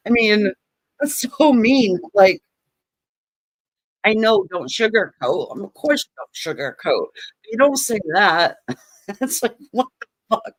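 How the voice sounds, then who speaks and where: A woman's voice: mid-range voice, expressive, slow, long pauses, no room sound, low-quality recording. A woman giving a casual tarot reading, joking and sarcastic, swearing and laughing often. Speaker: tarot reader.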